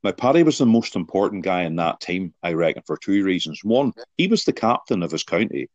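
A man's voice: low-pitched, big pitch swings, brisk, darkish tone, dry recording. A man guest on a podcast, explaining his ideas earnestly with anecdotes and rhetorical questions. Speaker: guest, sports psychology author. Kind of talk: podcast interview answers with anecdotes. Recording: dull lo-fi sound.

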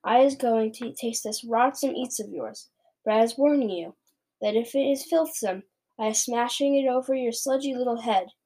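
A greedy, man-eating male giant from a storybook, loud and bullying in every word, as a woman reading aloud puts him on. The voice sits fairly high and sneers at whoever he is talking to. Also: moderate pace, lightly acted. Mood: suspicious.

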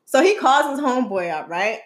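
A young woman co-hosting a casual chat show, her voice high and swooping as she tells stories. She laughs often and acts out the people she quotes. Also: very animated, brisk. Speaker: podcast co-host.

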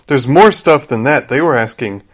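A man's voice: mid-range voice, expressive, moderate pace. A man with an ordinary mid-range voice talks on a casual podcast. He keeps cutting in to add his own points and to correct the others. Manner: jumps in to add points and interrupts. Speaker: podcast co-host. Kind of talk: casual chat.

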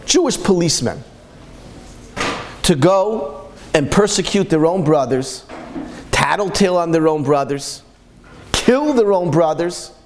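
Impassioned male preacher telling moral stories, voice sits a bit high and leaps around, faint room hush behind. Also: animated, unhurried, long pauses, a little hiss or hum. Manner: impassioned, asks repeated rhetorical questions. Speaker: Torah speaker. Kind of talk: storytelling sermon.

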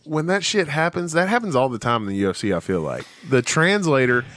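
A man's voice: medium pitch, very animated, a little fast, fairly bright tone, no echo. A man co-hosting a podcast in casual chat, rambling and swearing. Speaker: podcast co-host.

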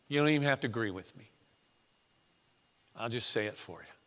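A man preaching a sermon in a church, swinging between hushed, intimate lines and loud, emphatic ones. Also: mid-range voice, lively intonation, fairly quick. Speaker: pastor. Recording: echoey church hall.

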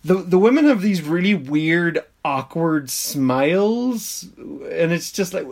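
A man's voice: on the high side, expressive, a little slow, creaky. A man, rambling through a casual episode recap with mock-exasperated asides and frequent laughs. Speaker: podcast host reviewing an episode.

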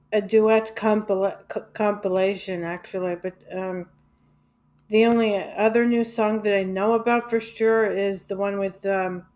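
A woman talks slowly and unhurriedly in a casual monologue about music. She rambles, stops for fillers and restarts, and swears now and then in a blunt, offhand way. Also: medium pitch, a little mellow. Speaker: music vlogger.

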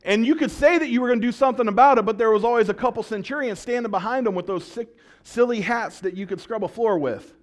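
A man's voice: very high voice, fast talker. A male pastor preaching a sermon, telling stories with jokes and acted-out quotes. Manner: storytelling, animated and joking, with acted-out quotes.

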